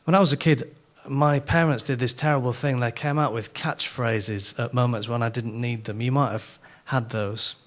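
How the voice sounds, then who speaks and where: A middle-aged man with a Yorkshire accent preaches at a conference. He is an animated storyteller who pokes fun at himself, and his voice sits at an ordinary middle pitch. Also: normal speed, few pauses. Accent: Yorkshire English. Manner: animated, self-mocking storyteller. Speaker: conference speaker. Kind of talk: sermon with humorous stories.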